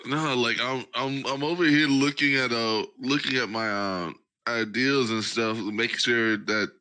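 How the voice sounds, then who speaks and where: A man's voice: medium pitch, fairly even intonation, measured pace, bright, forceful tone. A man playing in a tabletop game, talking hesitantly with fillers. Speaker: player. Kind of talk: casual tabletop role-play.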